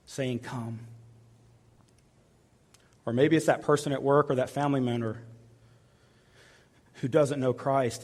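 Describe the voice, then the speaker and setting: A man preaching a sermon with earnest, repeated appeals, often dropping to soft, hushed tones. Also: medium pitch. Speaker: pastor. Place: large church hall. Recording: reverberant church hall.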